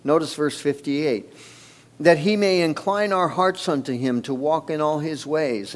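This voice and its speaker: A male pastor preaching a sermon in a church, slow and deliberate with emphatic pauses. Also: on the high side. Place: church sanctuary.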